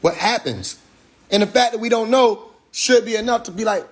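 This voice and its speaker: A man with a high-pitched voice hosts an Instagram Live monologue at normal speed, preaching through rhetorical questions and swearing.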